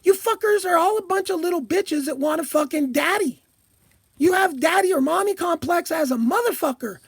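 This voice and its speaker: Woman vlogger, very high-pitched, heated profane rant, dry close sound. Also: expressive, normal speed, dry recording. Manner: profane, heated, shouting at times. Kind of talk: angry political rant.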